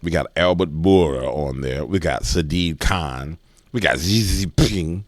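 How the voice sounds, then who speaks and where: A man's voice: sits low, unhurried, no room sound. Fired-up man ranting in a dry close recording. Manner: emphatic, repetitive, gets worked up. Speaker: political commentator. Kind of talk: heated commentary rant.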